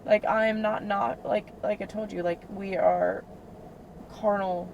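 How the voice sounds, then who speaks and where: A woman's voice: medium pitch, flat delivery, measured pace, creaky, a little mellow, highs cut off. A woman in her twenties, a rideshare passenger, venting in a heated, profane, filler-heavy way during a casual chat inside a car. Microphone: in-car cabin camera. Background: faint vehicle road noise.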